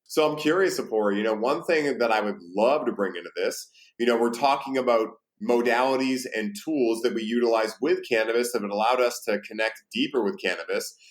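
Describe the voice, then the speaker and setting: Fast-talking male podcast host. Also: medium pitch. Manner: quick, chatty, swears casually. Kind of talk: casual interview chat.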